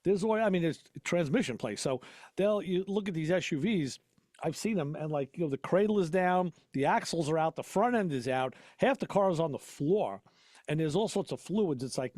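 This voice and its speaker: Laughing frequently, a mechanic hosting a casual talk-show podcast rambles through stories from his shop. He is a man with a rather high, animated voice and a darkish tone, speaking at a moderate pace. The sound is clean studio audio without room sound.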